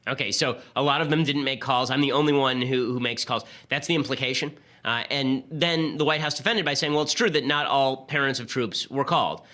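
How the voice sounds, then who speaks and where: A man hosting a political commentary show, talking in a rapid, sarcastic, argumentative way. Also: mid-range voice, sharp tone. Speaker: host.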